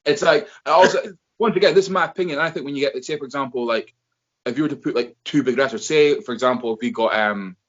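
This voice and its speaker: A man's voice: mid-range voice, fast. A man hosting a casual wrestling chat, rambling and swearing as he talks. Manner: profane, rambling, animated. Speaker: wrestling podcast host. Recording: dull lo-fi sound.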